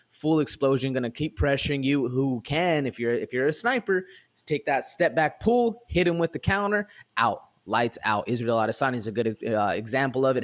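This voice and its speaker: A young adult man co-hosting a podcast, breaking down fights in relaxed, rambling chat full of fillers. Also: mid-range voice. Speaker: podcast co-host. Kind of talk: casual fight recap chat.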